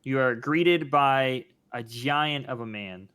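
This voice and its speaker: Male game master, mid pitch, steady, measured tabletop narration. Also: clean tone.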